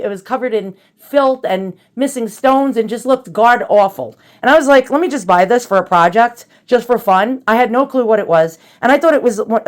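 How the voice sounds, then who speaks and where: A woman hosting a casual show-and-tell vlog, chatty and rambling, with many fillers and restarts, nervous and self-deprecating. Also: fairly high pitch. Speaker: antiques vlogger.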